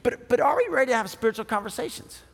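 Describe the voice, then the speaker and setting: A man's voice: very high voice, expressive, fast talker, big-room sound. A man preaching a sermon in a conversational way, often checking in with the audience by asking "right?". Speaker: pastor.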